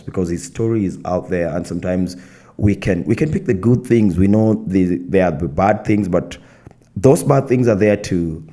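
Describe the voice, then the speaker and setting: Deep, slow, mellow-voiced man. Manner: reflective, measured, many affirming murmurs. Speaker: podcast co-host. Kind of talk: casual faith chat.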